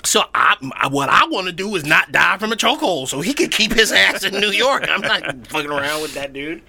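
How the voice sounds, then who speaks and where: A man's voice: high voice, brisk, vocal fry, no room sound. A man in casual, profane chat, telling stories with lots of swearing and laughter and acting out what people said. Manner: animated storytelling, swearing, laughing, acting out quotes.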